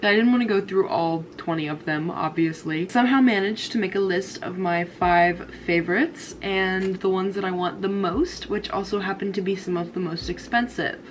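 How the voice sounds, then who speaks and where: A woman's voice: mid-range voice, normal speed, few pauses, a little hiss or hum. A young woman vlogging about her houseplants, chatty and gushing, with a stuffy nose from a cold. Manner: chatty and gushing, frequent "like" and laughs. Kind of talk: casual chat to camera.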